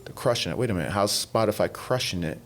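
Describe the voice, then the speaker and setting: Male podcast guest, low-pitched, chatty storyteller who quotes people in voices. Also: fast. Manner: animated, retells talks in quoted voices, many fillers. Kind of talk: casual storytelling interview.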